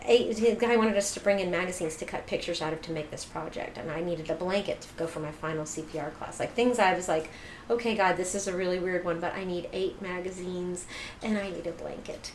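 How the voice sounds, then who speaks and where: A middle-aged woman telling her personal story as an interview guest, animated, laughing often and acting out quoted dialogue. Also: fairly low pitch, brisk. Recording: echoey room with faint noise.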